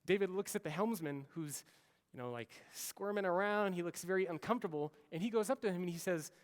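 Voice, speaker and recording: Man, keynote speaker, fairly high voice, lively storytelling, long hall reverb. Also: quick pace. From United States. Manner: animated storyteller, acts out quoted orders. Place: large conference hall.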